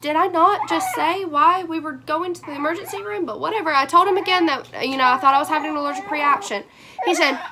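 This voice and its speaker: A young woman telling a rambling storytime vlog, animated and full of fillers, her voice hoarse. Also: high-pitched, fast, crowd noise. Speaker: vlogger.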